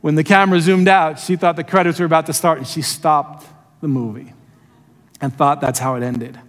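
A man preaching a sermon, telling a story in an animated way and acting out quotes. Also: fairly high pitch, moderate pace, in a large hall. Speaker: pastor.

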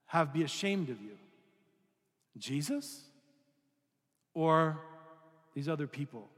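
The sound is that of a big room, where a man with a voice on the high side is preaching. He keeps the sermon conversational, asking listeners questions and sometimes acting out voices.

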